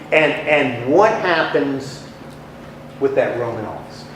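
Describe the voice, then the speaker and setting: A man with a mid-range, fairly bright voice leads a small Bible study class, speaking slowly and with animation as he poses questions to his listeners and then answers them himself. The room is echoey, with faint noise in the background.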